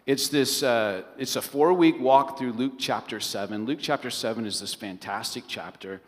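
A middle-aged man, a pastor, preaching a sermon as an animated storyteller who keeps asking the congregation questions. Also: mid-range voice, normal speed. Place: large church hall. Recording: long reverb of a large hall.

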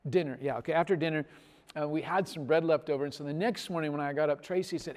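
A man preaching a sermon as pastor, telling a story with big swells in loudness and soft, trailing phrase endings. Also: fairly high pitch, quick pace, big-room sound. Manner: animated storytelling, swells loud on punchlines, drops soft at ends.

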